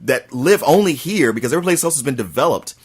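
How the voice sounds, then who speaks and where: A man with a somewhat husky voice talks with animated, rising and falling pitch, chatting about a film with his co-hosts. He tells it with emphasis, like a friend making his case. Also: fast. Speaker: podcast co-host. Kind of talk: casual movie review chat.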